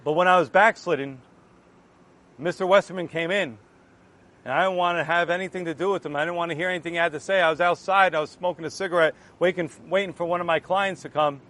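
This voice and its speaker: A man giving an earnest personal Christian testimony, telling his story in an animated way and acting out the exchanges he remembers. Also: high voice, quick pace.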